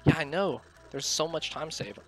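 A man's voice: on the high side, moderate pace, faint music behind. Young man streaming a speedrun. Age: young adult. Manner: excitable, disbelieving, talks in bursts with many restarts; keeps voice down to avoid waking sleepers. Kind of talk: casual live commentary while gaming. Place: college dorm room at night.

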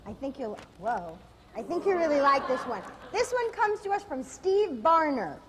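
A woman co-hosting a comic cooking show in a studio kitchen, teasing her partner and reading jokes aloud in a drawn-out way. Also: high-pitched, big pitch swings, a crowd in the background. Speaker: co-host. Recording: hall reverb with faint noise.

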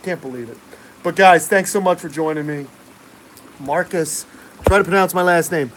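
A middle-aged man with a New York accent answers live chat in a relaxed, joking way, full of uh fillers. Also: on the high side, normal speed, a little hiss or hum, poor audio. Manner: relaxed, chatty, many uh fillers, jokey asides. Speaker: reptile keeper and channel host answering live chat. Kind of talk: casual live-stream chat.

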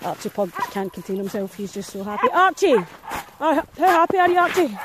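A professional dog walker vlogs as she leads a pack of dogs through snowy, muddy countryside, chatting, teasing and calling out to them with frequent laughs. Her voice is fairly high, sing-song and brisk, with background noise behind it.

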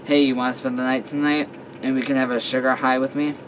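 A man's voice: medium pitch, flat delivery, quick pace, a little hiss or hum, close to an everyday voice. A man voicing a playful, teasing teenage girl who is the narrator's best friend, in a read-aloud story. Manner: taunting, sing-song.

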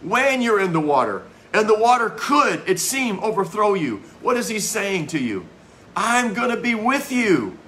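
A man's voice: sits high, bright, forceful tone. A man, a pastor, preaching a fervent sermon with emphatic repetition.

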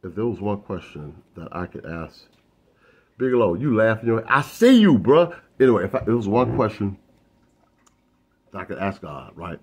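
A man's voice: on the low side, very animated, normal speed, breathy edge. A man doing a loose stand-up monologue to camera, full of fillers, restarts and asides. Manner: loose, self-interrupting, many fillers and restarts. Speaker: comedian.

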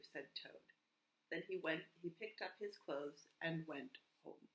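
A woman preschool teacher reading a storybook aloud to children, in a slow, clear and expressive way. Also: low-pitched, roomy sound, rough recording.

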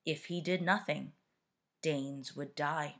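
A woman teacher reading a picture book aloud to students, expressive and deliberate. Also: low-pitched.

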